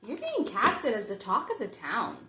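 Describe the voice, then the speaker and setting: A woman's voice: a little high, huge pitch swings, moderate pace, bright, forceful tone, echoey room. A woman giving a chatty pick-a-card tarot reading, talking straight to her viewers. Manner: chatty, reflective, addresses viewers directly. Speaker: tarot reader.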